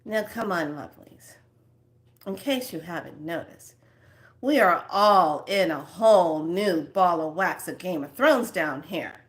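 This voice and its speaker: A woman giving a spiritual motivational talk to her viewers, slipping between soft whispered phrases and lively acted asides. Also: lowish voice, measured pace. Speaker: spiritual self-help speaker.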